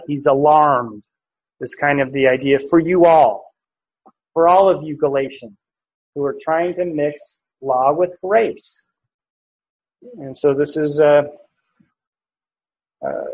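A man's voice: a little high, creaky, slightly rough. A man preaching, teaching a passage verse by verse, with frequent fillers and restarts. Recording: dull lo-fi recording.

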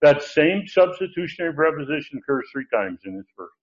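A man's voice: on the high side, very animated, fairly quick, lo-fi sound. An older man preaching an expository sermon in a folksy, digressive way, with many restarts and asides. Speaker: pastor.

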